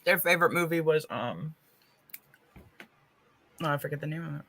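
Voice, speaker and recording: Bright, gravelly podcast co-host woman. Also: sits low, normal speed. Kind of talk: casual chat.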